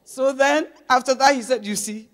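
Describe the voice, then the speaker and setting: A woman preaching a sermon as a pastor's wife, swinging from loud, emphatic exhortation to low, musing questions. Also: moderate pace.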